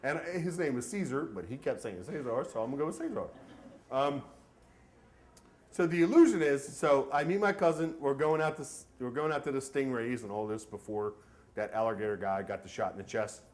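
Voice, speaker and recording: A man telling a comic story about himself at a live story event, in an animated, joking way. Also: medium pitch, brisk. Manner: animated, comic, self-mocking.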